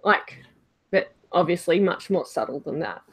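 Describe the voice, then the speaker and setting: A woman's voice: fairly low pitch, animated, normal speed, husky. A woman playing a tabletop game, giggly and hesitant with many fillers. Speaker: player. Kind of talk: casual tabletop play.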